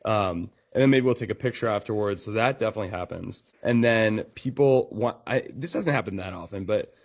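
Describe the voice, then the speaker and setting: A man's voice: lowish voice, brisk, creaky. A man talking as a podcast guest about his comedy and fitness classes, rambling with many fillers and acting out quotes. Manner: rambling, filler-heavy, animated quoting. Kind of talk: casual podcast conversation.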